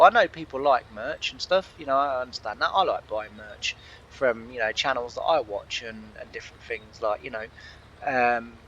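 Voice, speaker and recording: A man's voice: medium pitch, normal speed, fairly bright tone, lo-fi sound, slight background noise. A man hosting a gaming channel, chatting casually and rambling, laughing often. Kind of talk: casual chat over gameplay.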